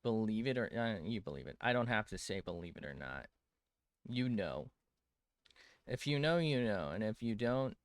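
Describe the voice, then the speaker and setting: A man's voice: lowish voice, sing-song, normal speed, creaky, long pauses, no echo. A young man streaming while he draws, rambling to chat, mocking himself and swearing often.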